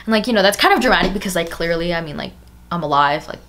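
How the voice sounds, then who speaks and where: A woman's voice: on the low side, lively intonation, rapid-fire, a bit bright. Chatty young woman telling a story. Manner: chatty, fillers of "like" throughout. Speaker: storytime vlogger. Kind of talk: casual storytelling.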